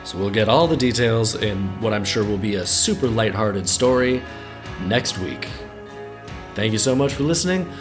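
A man's voice: fairly low pitch, animated, normal speed. Male podcast host, casual wry storyteller, faint music bed. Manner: wry, irreverent, conversational.

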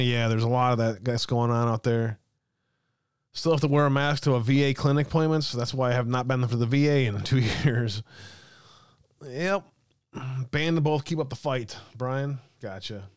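A man hosting a live stream, chatting with viewers in a loose, joking way and laughing often. His voice is smooth and resonant. The sound is dry and close to the mic. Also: medium pitch, normal speed, dry recording. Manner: chatty, reads chat aloud, laughs often. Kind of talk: casual live-stream chat.

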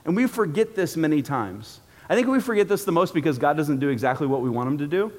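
A man's voice: on the high side, expressive, fast talker. A man preaching a sermon in a church auditorium, in a casual, joking, conversational way. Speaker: pastor. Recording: long reverb from a large hall.

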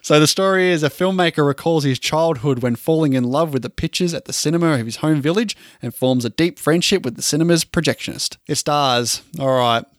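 A man's voice: a little high, a little fast, hardly any pauses, no room sound, studio quality. A man co-hosting a movie podcast, joking and teasing his friend in casual chat. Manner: joking, playful banter. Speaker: podcast co-host.

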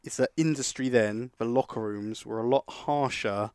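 A man's voice: medium pitch, normal speed, a little mellow, clean tone, no echo, studio quality. A man co-hosting a podcast, chatty and teasing, reading out listener questions. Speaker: podcast co-host.

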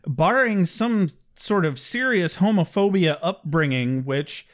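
A man's voice: high-pitched, lively intonation, a little slow. A man co-hosting a casual recap chat, joking and laughing often as he acts out quotes. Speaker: podcast co-host.

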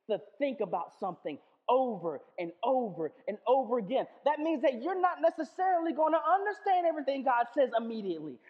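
A pastor preaching a sermon, animated, acting out little back-and-forth dialogues and often restarting phrases. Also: high-pitched. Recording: echoey hall, dull lo-fi sound.

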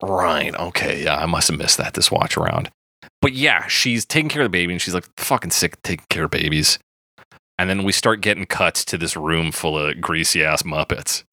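A man co-hosting a casual movie-review podcast, animated, swearing freely and laughing often. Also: low voice, moderate pace, dry recording, clean studio sound. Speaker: podcast co-host.

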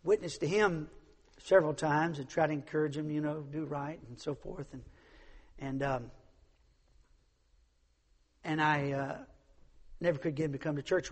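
A man's voice: fairly high pitch, darkish tone, husky, in a large hall. A man preaching a sermon, emphatic, repeating his points and acting out the people in his stories. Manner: emphatic, repeats phrases, acts out quoted voices.

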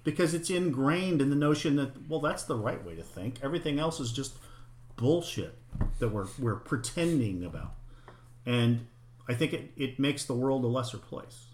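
A middle-aged man in a casual, frank discussion, swearing freely and talking with animated emphasis. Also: mid-range voice, moderate pace, reverberant, a little hiss or hum. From United States, parents from Oklahoma and Arkansas.

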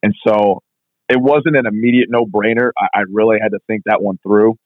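A strength coach being interviewed, telling stories in a fast, casual way full of "like". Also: male voice, on the low side, fairly even intonation, no room sound. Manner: fast, filler-heavy, constant "like". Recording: tinny phone-like line, dry.

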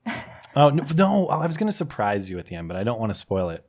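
A man hosting a podcast, chatting casually and joking with animated bursts. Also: lowish voice, fast talker. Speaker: podcast host. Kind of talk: casual chat.

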